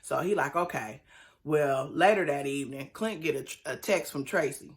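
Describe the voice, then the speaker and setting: A woman's voice: low voice, normal speed. Chatty woman giving emphatic recap commentary. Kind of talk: casual commentary.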